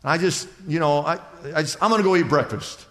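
A male pastor telling a story from the pulpit, his voice sitting a little high for a man. He acts out the people in his anecdotes with animated delivery. The sound rings out with a long reverb from a large hall. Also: fairly quick. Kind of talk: sermon storytelling.

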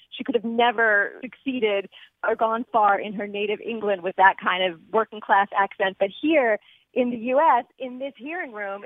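A woman guest in casual chat, animated and laughing now and then. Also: mid-range voice, dry recording. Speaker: guest commentator. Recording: phone line.

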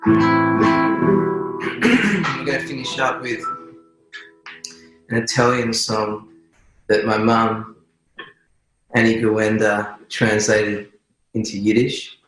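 A man in a relaxed, unhurried way casually introducing a song on his radio show. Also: fairly low pitch, faint music behind. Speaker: radio host. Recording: echoey room, distant mic.

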